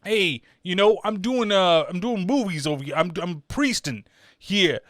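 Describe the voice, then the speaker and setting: A man's voice: high voice, lively intonation, moderate pace, fairly bright tone, dry recording, studio quality. A man putting on a brash, swaggering priest with a thick Boston accent, like a tough guy from a mob movie. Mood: cocky. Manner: cocky, dismissive, mock-tough.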